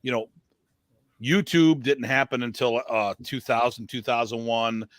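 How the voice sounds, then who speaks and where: A man in the middle of the pitch range hosts a relaxed interview. His voice is recorded dry and close, and he asks questions in an easy conversational tone. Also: measured pace, no echo. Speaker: podcast host. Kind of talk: casual interview.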